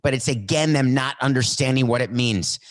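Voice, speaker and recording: A man hosting a solo sports podcast, talking in a worked-up, animated way and acting out little mock skits. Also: mid-range voice, brisk. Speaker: podcast host. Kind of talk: solo sports talk monologue.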